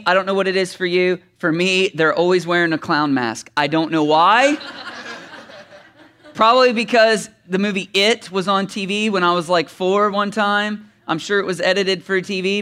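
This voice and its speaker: Pastor guy preaching, high bright voice, gets dramatic then jokey. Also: moderate pace, clear, resonant tone. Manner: animated, reads scripture dramatically, then chats with humor. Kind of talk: sermon.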